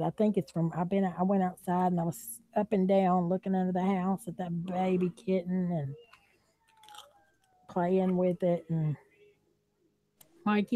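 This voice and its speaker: A woman with a Southern accent chats loosely on a home livestream, drawling and laughing between remarks. Her voice sits low and sounds mellow and warm. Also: little pitch movement, moderate pace. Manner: chatty, drawling, laughs often. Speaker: livestream host. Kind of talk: casual livestream chat.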